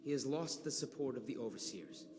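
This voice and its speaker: An actor playing a calculating noble conspirator in a video game, speaking in a measured, deliberate way. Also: male voice, medium pitch, lively intonation, natural voice. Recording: game audio with noise.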